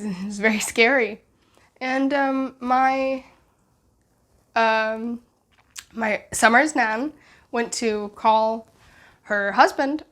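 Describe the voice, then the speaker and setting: A woman's voice: a little high, a bit bright. A young woman vlogger telling a personal story in a casual, emotional, rambling way, full of restarts and acted-out dialogue.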